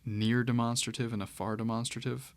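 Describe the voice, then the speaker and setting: Male lecturer: low and gravelly, relaxed and musing, dry close recording. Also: brisk, dry recording. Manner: relaxed, thinking aloud with fillers and restarts. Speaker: Greek teacher.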